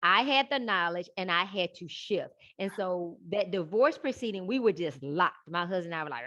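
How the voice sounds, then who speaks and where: A woman's voice: medium pitch, normal speed, hardly any pauses, no echo. Storytelling woman on a dull podcast mic. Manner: lively storytelling, acts out quoted voices. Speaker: podcast guest. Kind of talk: casual interview talk. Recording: dull lo-fi, dry.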